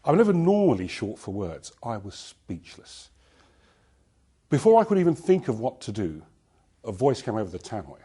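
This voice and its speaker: A man tells a personal story from the stage in a low, warm, slightly husky voice. His delivery swings widely in pitch as he builds the tale. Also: normal speed. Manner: lively storyteller. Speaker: conference speaker. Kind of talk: personal anecdote in a talk.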